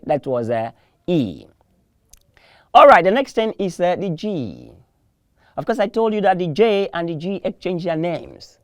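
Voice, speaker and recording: A man's voice: on the high side, darkish tone, no room sound, studio quality. A man teaching a televised French lesson, drilling words through repetition and call and response.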